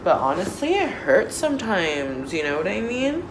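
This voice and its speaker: A woman in her thirties chatting casually through an unboxing, gushing and excitable, with lots of fillers, recorded on a phone. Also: medium pitch, normal speed, background noise. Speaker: doll unboxing vlogger. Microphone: phone camera.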